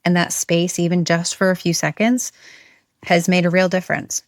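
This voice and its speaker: A woman from the show's staff sharing a measured, thoughtful personal reflection. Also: lowish voice, level tone, no room sound, clean studio sound. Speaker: show staff member.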